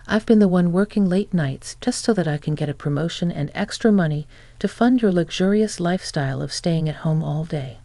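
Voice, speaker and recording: A man's voice: high-pitched, gravelly, darkish tone, no echo, heavily acted. A reader voicing a scornful, selfish young husband who talks down to his wife, in a storybook narration. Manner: contemptuous, sneering.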